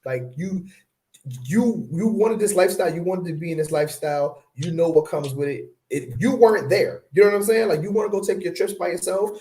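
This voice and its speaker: A man's voice: high voice, fairly quick, warm tone. A man co-hosting a casual podcast discussion, arguing his point with rhetorical questions and frequent "you know what I'm saying.". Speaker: podcast co-host.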